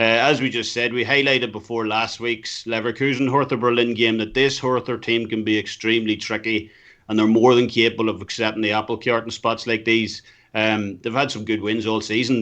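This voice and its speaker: A man's voice: medium pitch, a bit bright. A man with a Northern Irish accent from County Fermanagh, breaking down football matches on a betting show in an easygoing, detailed way. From Northern Ireland. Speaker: sports betting analyst. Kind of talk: casual chat and match analysis.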